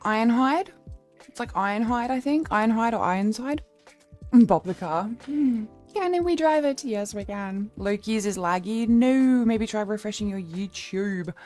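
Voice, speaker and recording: A young Australian woman chats casually to her stream viewers in a playful way. She swears freely and laughs often, with her voice at an ordinary middle pitch. Soft music plays quietly behind her. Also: animated, a little slow. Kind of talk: casual livestream chat.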